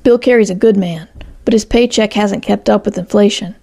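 Woman voicing a fearful middle-aged foster father, defensive and snappish, gravelly low tone, mellow dark timbre. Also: a little fast. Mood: worried. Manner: defensive, snaps in anger.

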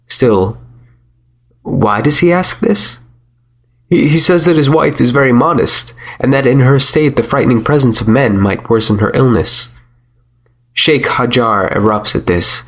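A man narrating a first-person story in a measured, wry manner. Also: medium pitch.

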